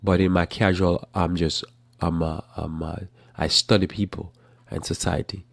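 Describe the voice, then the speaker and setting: A man with a deep, gravelly voice hosts a casual religious current-events show. He rambles and restarts his sentences, delivering it all in a flat, matter-of-fact tone. The sound is close and dry. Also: moderate pace, dry recording. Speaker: host.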